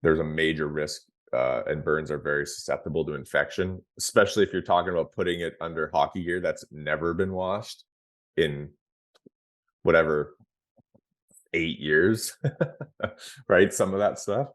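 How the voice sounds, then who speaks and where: A man's voice: extremely low pitch, steady tone, moderate pace, long pauses. A man in his thirties, a former pro athlete on a podcast, telling his story frankly and casually, with lots of fillers and restarts. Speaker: podcast guest, former pro hockey player. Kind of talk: candid conversational storytelling.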